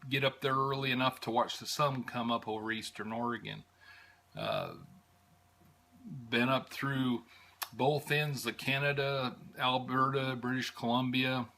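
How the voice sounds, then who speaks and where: An American man recounts his travels in a loose, rambling storytelling style. He pauses often with "uh" and restarts his sentences, his voice sitting in an ordinary middle pitch. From United States. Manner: rambling, many "uh"s and restarts, warm fondness. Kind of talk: casual storytelling.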